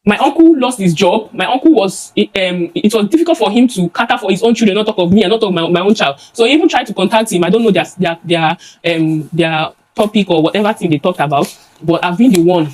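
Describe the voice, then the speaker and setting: A young woman with a Nigerian accent testifies before a judge, her words tumbling out fast. She stumbles, restarts and repeats herself as she gives her emotional account, her voice pitched in a middle range. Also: a little mellow, rough recording.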